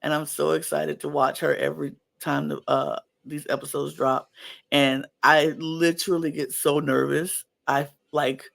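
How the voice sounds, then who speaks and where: A man co-hosting a podcast, gushing about reality TV in an excitable, animated way. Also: on the high side, normal speed, creaky, no echo. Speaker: podcast co-host. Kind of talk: casual reality TV recap chat.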